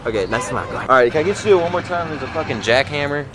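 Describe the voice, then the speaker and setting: A man's voice: mid-range voice, lively intonation, rapid-fire, a crowd in the background. A man filming strangers outdoors, coaxing them to repeat a line again and again in a casual, friendly way. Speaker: filmmaker interviewing strangers. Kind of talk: casual on-the-street prompting. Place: outdoors near loud rapids.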